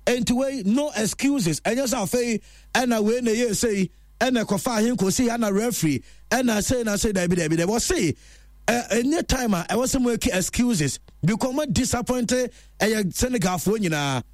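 A man presenting a chatty football news roundup in an animated storytelling way. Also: very high-pitched, moderate pace, no room sound, clean studio sound.

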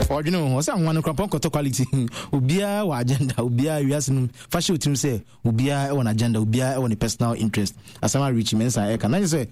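A man's voice: a little high, darkish tone. A man hosting a casual entertainment news show, mixing English and Twi and laughing along. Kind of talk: casual showbiz news chat.

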